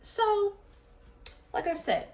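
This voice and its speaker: A woman's voice: very high voice, wildly swooping pitch, very slow, a little mellow. A woman vlogger telling a storytime tale in an emphatic way, repeating phrases for effect. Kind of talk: storytime vlog.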